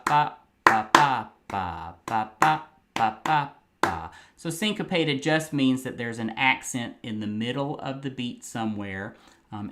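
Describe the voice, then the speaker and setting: A man's voice: mid-range voice, pushed and bright. A man teaching a piano lesson, patiently explaining rhythm and counting beats aloud while he plays. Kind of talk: music lesson. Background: faint piano playing.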